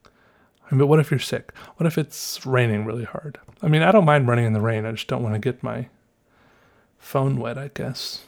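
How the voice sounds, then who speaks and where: A vlogger with a light Southern US accent and a creaky, middle-pitched voice delivers a casual rambling monologue to his viewers. Unhurried and meandering, he corrects himself, muses aloud, trails off and circles back to his thoughts.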